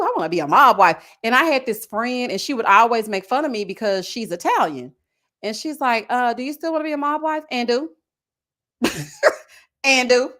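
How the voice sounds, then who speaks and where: A woman in her thirties hosting a live stream, chatting in a casual, animated, slangy way and telling stories. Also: a little high. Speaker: YouTube host.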